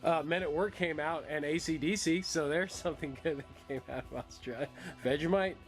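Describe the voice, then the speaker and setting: A man's voice: a little high, fairly quick, faint music behind. A man hosting his own record collection vlog, rambling in casual, crude, joking chat that trails off into mumbles.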